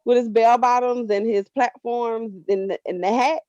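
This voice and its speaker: A woman's voice: a little high, steady tone, moderate pace, mellow, dry recording. A woman guest chatting casually about her nephew, laughing as she talks. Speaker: podcast guest, aunt. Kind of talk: casual chat. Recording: dry, slightly lo-fi.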